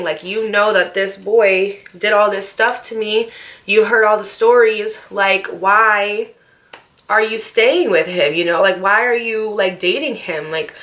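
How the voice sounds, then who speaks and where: A woman's voice: mid-range voice, sharp tone. Chatty young woman telling a dramatic story. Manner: chatty and dramatic, with slang and swearing. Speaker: storytime vlogger. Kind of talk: casual storytime monologue.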